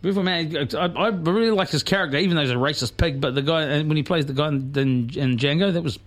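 A man hosting a casual radio chat, rambling and excitable with many restarts. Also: a little high, fast. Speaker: radio show host.

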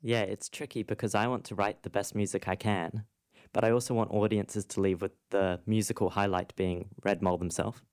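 A man's voice: on the low side, fairly even intonation, brisk, a little mellow, clear, resonant tone. A man, a composer being interviewed, explaining his work thoughtfully and at length. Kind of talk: interview conversation.

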